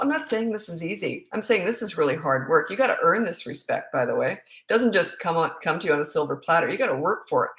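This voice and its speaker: Her voice lowish, bright and forceful, a fifty-something parenting coach fields live questions with emphatic advice she repeats for emphasis. She laughs at herself now and then, and the recording carries a roomy echo.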